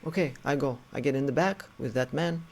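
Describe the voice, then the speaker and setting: A man telling a personal story in an earnest, halting way, often restarting his sentences. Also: mid-range voice, darkish tone. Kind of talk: personal story told to camera.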